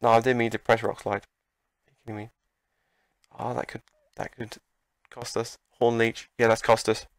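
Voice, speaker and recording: A man giving gameplay commentary, excitable and talking back at the game as he plays. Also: medium pitch, normal speed, long pauses, dry recording. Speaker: let's play commentator.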